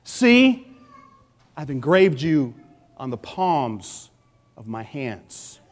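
A man preaches with passion, his voice rising loud and then dropping to a hush. He speaks in a high register. The sound rings with the long reverb of a big hall. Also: sing-song, drawn-out words. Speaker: pastor. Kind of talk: sermon.

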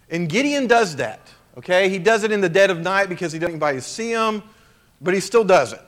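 Chatty preacher man, slightly high voice. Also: lively intonation, a little fast. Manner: chatty, checks in with "right?" and "okay?"; jokey asides. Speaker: pastor. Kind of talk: conversational sermon.

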